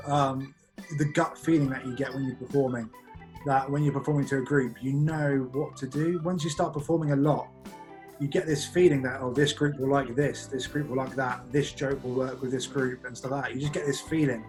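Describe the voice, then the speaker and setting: A young Englishman in his twenties answers interview questions at a brisk clip. His speech is loose and chatty, full of fillers and restarts. Faint music plays underneath. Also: mid-range voice, fairly even intonation. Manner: rambling, many "like" fillers, laughs easily. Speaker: guest magician. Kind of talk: casual podcast interview.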